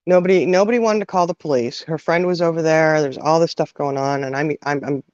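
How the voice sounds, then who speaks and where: A middle-aged woman telling an emotional personal story, halting, with many restarts and fillers. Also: low voice, a little mellow, clean tone, no echo. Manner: halting, full of "you know" and restarts. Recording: dull, dry sound.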